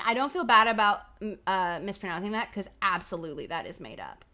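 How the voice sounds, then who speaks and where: A woman's voice: on the low side, quick pace, hardly any pauses, sharp tone. Playful, giggly woman reading aloud. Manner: playful, giggly, swears casually. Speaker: livestream host. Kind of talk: reading a children's horror book aloud with live commentary. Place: home streaming setup. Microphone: streaming microphone.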